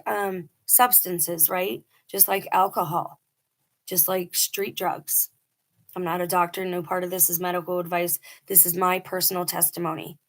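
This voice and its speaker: A middle-aged woman telling a personal story in a casual, earnest and emphatic way, acting out quoted dialogue. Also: fairly low pitch. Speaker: vlogger telling a personal testimony.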